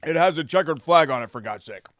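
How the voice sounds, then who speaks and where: A man's voice: on the high side, expressive, fast, a bit bright. A man co-hosting a sports podcast, chatty and enthusiastic as he reads sponsor plugs. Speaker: podcast co-host. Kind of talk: casual sports chat.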